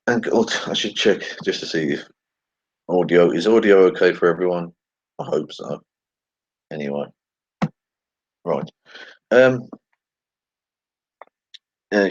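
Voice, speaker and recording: A man's voice: low voice, a little slow, pauses often, slightly rough, dry recording, poor audio. A man hosting a casual commentary video, reading tweets aloud with sarcastic, swearing asides and muttered remarks. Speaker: channel host.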